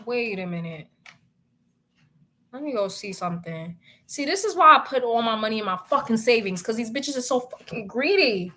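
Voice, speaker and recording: A young woman speaks with in a bright, tense voice that sits a bit high. She chats casually to her viewers. She rants in an animated, exasperated way and swears freely. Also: moderate pace, slight background noise. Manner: animated, profane and exasperated ranting. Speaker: vlogger.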